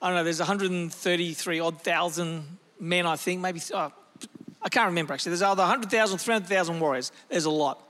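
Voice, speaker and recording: A male pastor preaching a lively, animated sermon, with sudden shifts in pace and loudness as he tells a story. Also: high voice, fairly quick, big-room sound.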